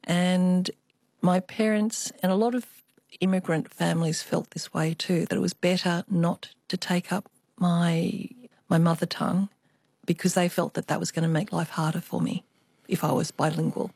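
A woman's voice: on the low side, fairly even intonation, normal speed, gravelly, a little mellow, husky, no echo, clean studio sound. An older woman, an artist, telling family stories as a guest in a radio interview. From Australia. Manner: reflective storytelling, with small restarts.

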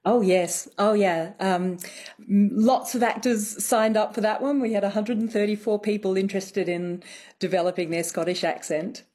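A woman accent coach, a guest on a radio interview, explaining things thoughtfully with many pauses and ums. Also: medium pitch, fairly even intonation, a little mellow.

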